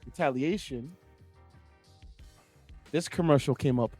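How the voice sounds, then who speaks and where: A man's voice: medium pitch, takes it slowly, a little mellow, no room sound, faint music behind. A man co-hosting a podcast, telling a story in casual banter and stumbling over words now and then. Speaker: podcast co-host.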